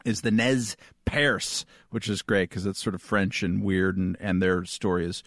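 A man co-hosting a podcast in casual chat, rambling and wry, his voice trailing off softly. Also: low voice, fairly even intonation, moderate pace, dry recording, clean studio sound. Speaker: podcast co-host.

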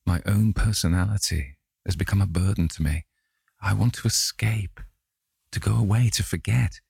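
A man reading aloud and voicing a troubled, anxious young gentleman in a storybook reading. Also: sits low, brisk, vocal fry, breathy edge, no room sound, clean studio sound, full character voice.

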